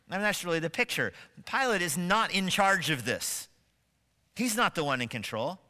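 Emphatic pastor with a bright voice. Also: male voice, sits high, lively intonation, moderate pace, in a large hall. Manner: emphatic, building to forceful stresses; asks rhetorical questions of the congregation. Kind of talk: sermon. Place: church sanctuary.

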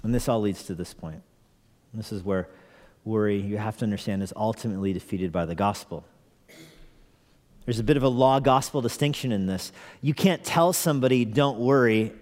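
Here the preacher's voice sits on the low side with a darkish tone, moving at a moderate pace. Speaking conversationally, he earnestly asks the congregation rhetorical questions, leans on repeated phrases for emphasis, and lets out the occasional chuckle, all under long church reverb.

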